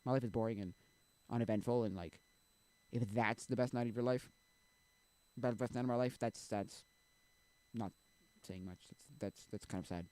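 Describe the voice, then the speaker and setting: A man's voice: medium pitch, steady tone, normal speed, long pauses, dark tone. A young man live streaming, rambling in casual chat with many restarts and trailing thoughts.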